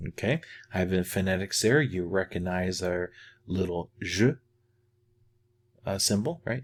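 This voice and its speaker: Middle-aged male French teacher, deep, unhurried, patient with beginners. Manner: patient, repeats phrases slowly for practice. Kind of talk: classroom language lesson.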